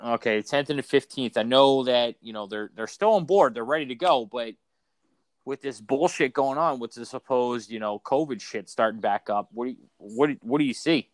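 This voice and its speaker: Rambling, profane man with a smooth voice. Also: medium pitch, normal speed, no echo. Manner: rambling, profane, frequent restarts. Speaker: podcast co-host. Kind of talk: casual chat.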